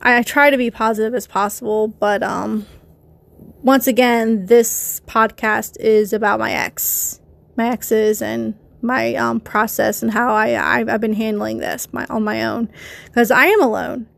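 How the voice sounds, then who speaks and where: A person with a feminine voice hosting a confessional solo podcast, talking haltingly with many restarts and addressing listeners directly. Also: female voice, on the high side, steady tone, creaky, no room sound. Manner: conflicted, rambling, talks to listeners. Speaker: podcast host.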